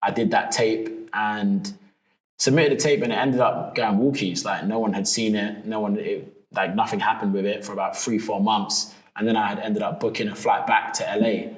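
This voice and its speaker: A man with a fairly low voice, a guest telling a story with energy and playing out each quoted line. The room sounds echoing and open. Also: normal speed. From England. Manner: animated storyteller, acts out quotes. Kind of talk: storytelling in an interview. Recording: roomy echo.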